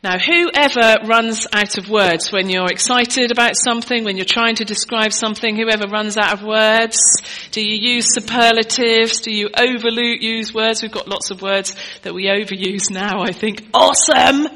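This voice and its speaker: A woman's voice: medium pitch, steady tone, normal speed, hardly any pauses, sharp tone, low-quality recording. A middle-aged woman preaching a sermon in a conversational, teaching way, asking the congregation questions.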